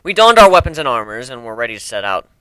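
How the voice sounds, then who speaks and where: A man's voice: mid-range voice, big pitch swings, fast talker, bright, forceful tone, smooth, dry recording. A man reading a story aloud in the first person, brash and crude with a casual swagger. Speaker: amateur reader.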